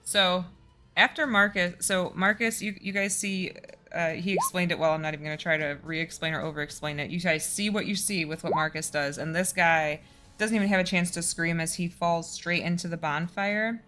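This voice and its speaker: A woman's voice: on the low side, fairly even intonation, moderate pace, sharp tone, soft background music. A woman running a tabletop game as game master, narrating the action casually and laughing easily.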